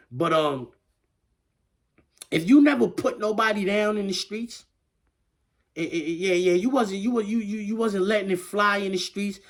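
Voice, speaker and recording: A man giving a casual commentary rant in slangy street talk, full of stammered restarts. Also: high-pitched. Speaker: online commentator.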